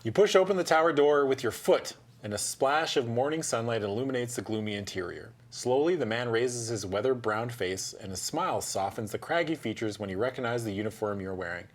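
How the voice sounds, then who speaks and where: A man reading a gamebook aloud in a tabletop stream, with a profane, joking, animated manner between passages. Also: medium pitch, brisk, few pauses.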